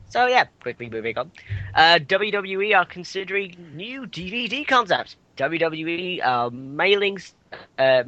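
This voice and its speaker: Man reading news on a chat podcast, bright forceful voice, dry close sound, halting with fillers. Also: on the high side, dry recording, dull audio. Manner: reads news items with stumbles, asides and fillers.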